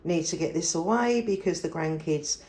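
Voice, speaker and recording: A woman's voice: fairly low pitch, normal speed, darkish tone, echoey room. An older woman from England chatting casually to camera in her kitchen, rambling cheerfully through her shopping. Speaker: frugal living vlogger.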